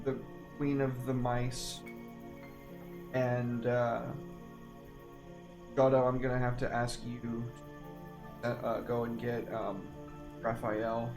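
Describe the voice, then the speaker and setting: A man's voice: mid-range voice, flat delivery, slow pace, long pauses, over music. A man playing a tabletop game, joking and making hesitant in-character choices. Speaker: player. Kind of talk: casual tabletop game play.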